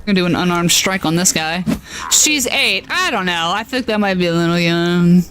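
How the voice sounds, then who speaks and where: Animated nasal woman streaming a game. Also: on the low side, moderate pace. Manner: animated, self-deprecating, exasperated at tech trouble. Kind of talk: casual live-stream chat while gaming.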